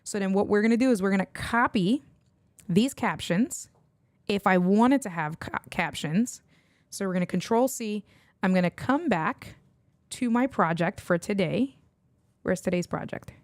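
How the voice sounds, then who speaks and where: A chatty woman with a New York accent talks through her video edits on a casual livestream. She thinks out loud and drops little muttered asides as she goes. Her voice sits in a middle range, and the sound is close and dry. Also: medium pitch, lively intonation, moderate pace, no echo. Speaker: livestream host. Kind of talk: casual screen-share tutorial.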